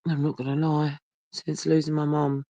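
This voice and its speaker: A man's voice: a little high, monotone, moderate pace, dark tone, no room sound. Brief: weary bloke rambling at viewers, phone right up to his face, dull dry sound. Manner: rambling, sweary, talks straight to viewers. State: tired and yawning. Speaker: livestreamer. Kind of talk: casual live chat with viewers. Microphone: phone held very close.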